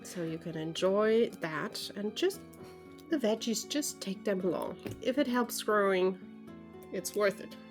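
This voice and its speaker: A woman plays her character in a tabletop role-play, speaking in a gentle, patient and reassuring way. Her pitch sits in the middle range, and faint music plays underneath. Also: animated, a little slow. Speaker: player.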